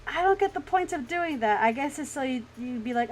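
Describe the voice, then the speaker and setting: A young woman streamer telling a story in casual chat, animated and swearing freely. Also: high voice, fairly quick, slight background noise, poor audio.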